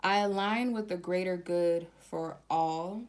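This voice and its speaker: A woman giving a casual tarot reading to her viewers, chatty and slangy, slowly reading out card keywords one by one. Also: on the low side. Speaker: tarot reader.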